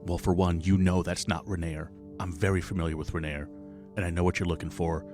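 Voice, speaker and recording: A man playing a tabletop game, speaking in character in a persuasive, smooth-talking way. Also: low voice, fairly even intonation, fairly quick, music in the background. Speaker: player. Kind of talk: in-character tabletop role-play.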